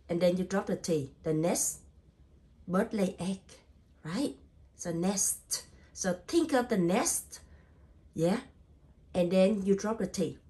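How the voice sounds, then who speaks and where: Slow, patient woman teaching spelling. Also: mid-range voice, warm tone. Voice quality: non-native English grammar. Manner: slow, patient, repeats and sounds out letters. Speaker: English teacher. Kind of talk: spelling lesson.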